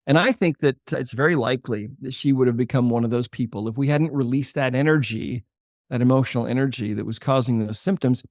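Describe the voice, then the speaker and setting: An older man, a holistic chiropractor, explaining his work and telling a patient story in a podcast interview with a measured, earnest delivery. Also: medium pitch, no room sound, studio quality. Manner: earnest, measured explainer who slows for emphasis.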